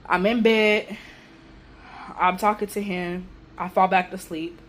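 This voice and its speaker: A young woman talks straight to her viewers in a casual storytime vlog, her telling animated and emotional, full of everyday slang. Her voice sits at an ordinary middle pitch. A faint hiss of noise runs under the recording. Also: slow. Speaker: vlogger.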